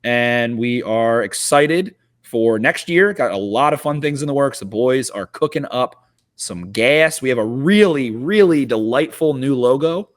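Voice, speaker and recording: A man's voice: medium pitch, animated, a little slow. A young man with a Baltimore accent co-hosting a casual sports podcast, joking and swearing freely. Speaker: podcast co-host.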